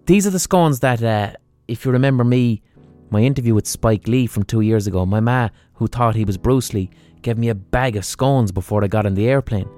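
A man's voice: medium pitch, a little fast, dark tone, faint music behind. A man with an Irish accent, likely in his thirties, telling a sweary comic story as a podcast host and animatedly acting out his mother. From Ireland.

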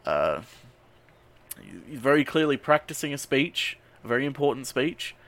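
A man on a podcast recapping a movie in casual chat, animated and swearing freely with rambling asides. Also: medium pitch, normal speed. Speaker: podcast co-host recapping a film.

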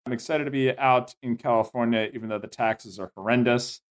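A man co-hosting a podcast in an easy conversational way, with a middle-pitched voice. He slips dry, joking asides into the chat. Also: fairly even intonation, fairly quick. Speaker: podcast co-host.

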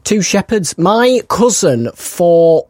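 A man, co-hosting a podcast and telling stories in an excitable, chatty way with frequent laughs. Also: high voice, slow pace, no echo, clean studio sound. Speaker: podcast co-host. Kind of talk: casual chat.

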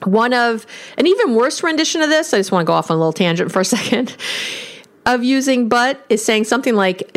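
A woman's voice: fairly high pitch, brisk. Emphatic woman coaching couples. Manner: emphatic, animated, acts out sample phrases. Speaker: relationship coach. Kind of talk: solo podcast advice talk.

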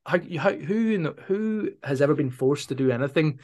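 A man who works as a sport psychology trainer and therapist, explaining his methods in a calm, deliberate way and reflecting the other person's words back to him. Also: fairly high pitch. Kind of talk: measured explanatory interview talk.

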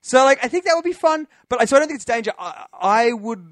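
In a dry, studio-quality recording, this podcast co-host speaks fast with an extremely high-pitched male voice. He swaps stories on a casual comedy chat, narrating with animation and breaking into frequent laughter.

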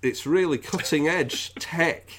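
A man's voice: fairly high pitch, slow, a bit bright. A man hosting a podcast, chatting casually about politics in a jokey, rambling way. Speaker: podcast host.

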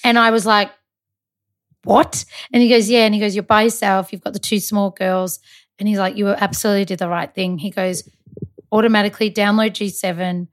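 Woman telling a story with animated quoted voices. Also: mid-range voice, a little fast. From Malta. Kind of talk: casual storytelling chat.

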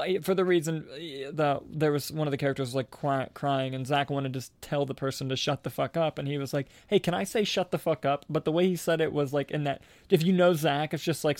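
Rambling man podcast host, flat delivery. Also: a little high, brisk, no echo. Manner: rambling, self-interrupting, laughs often. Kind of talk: casual podcast chat.

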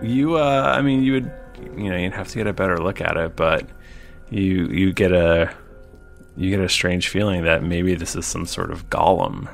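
Deep gravelly game master. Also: male voice, moderate pace, faint music behind. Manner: hesitant, filler-heavy narration. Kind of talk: narrating a tabletop game.

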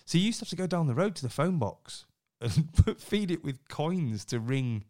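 A middle-aged man, co-hosting a casual podcast, chatty and quick to laugh. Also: on the high side, big pitch swings, darkish tone. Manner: chatty, laughs easily, upbeat sign-off. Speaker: podcast co-host.

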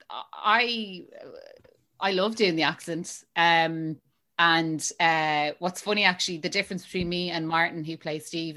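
A chatty woman in her thirties, talking as a podcast guest. Her voice sits a little low, and she laughs easily and restarts her sentences often. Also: pushed and bright. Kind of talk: casual interview chat.

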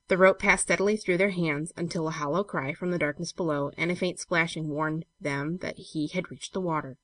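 A woman reading a classic story aloud in a measured, steady way. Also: deep voice, dry recording. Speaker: narrator.

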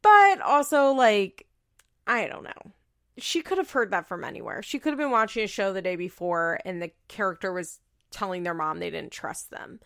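A woman recaps a reality TV show in casual, blunt commentary, cursing freely. Her voice carries a gravelly vocal fry at a middle pitch for a woman. She leans on "like" as a constant filler. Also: animated, moderate pace, fairly bright tone. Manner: blunt, profane, frequent "like" fillers.

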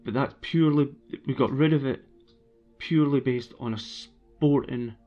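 A man's voice: medium pitch, moderate pace, highs cut off, soft background music. A man streaming alone, talking in a casual, blunt and opinionated rant with frequent restarts. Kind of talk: casual ranting monologue.

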